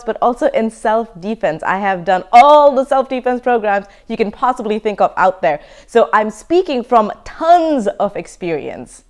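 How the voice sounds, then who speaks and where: A woman in her thirties teaching self-defense in an emphatic, energetic lecture style. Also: mid-range voice. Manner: emphatic, energetic, laughs now and then. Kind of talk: online course lecture.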